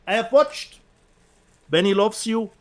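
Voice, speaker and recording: A man's voice: high voice, animated, unhurried. A man with a German accent co-hosting a casual chat show, reading out viewer comments and laughing often. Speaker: co-host.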